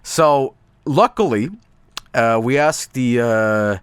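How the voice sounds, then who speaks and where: A man's voice: medium pitch, slow pace, clean tone, no echo. A man chatting casually on a stream, rambling with lots of fillers and restarts and swearing now and then.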